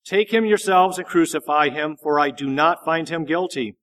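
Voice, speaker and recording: A man's voice: fairly high pitch, normal speed, fairly bright tone, lightly acted. A man reading as a stern Roman governor. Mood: grave.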